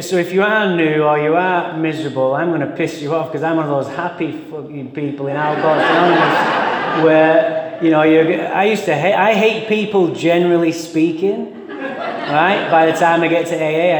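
A middle-aged man from England with an English accent, giving a humorous, profane, self-mocking talk to a meeting audience. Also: a little high. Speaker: speaker at a recovery meeting. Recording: echoey hall with long reverb.

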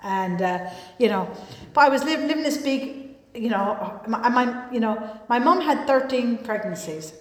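Middle-aged Irish woman, recovery-meeting speaker, rambling and self-deprecating storyteller, slightly high voice, roomy echo. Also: expressive, a little slow. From Ireland. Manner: chatty, self-mocking storytelling with frequent restarts. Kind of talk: personal testimony talk. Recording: echoey hall with long reverb.

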